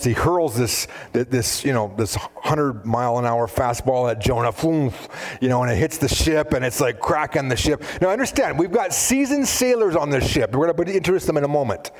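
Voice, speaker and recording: A man preaching a sermon, animated, often acting out biblical dialogue in different voices. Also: mid-range voice, normal speed. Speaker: pastor.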